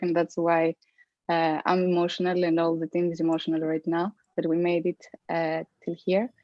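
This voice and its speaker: An emotional woman with a slightly low, breaking voice pauses and hesitates as she speaks. The sound is dry, muffled video-call audio. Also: darkish tone, no room sound. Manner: halting, with many fillers. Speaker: artist answering questions. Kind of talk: live-stream discussion.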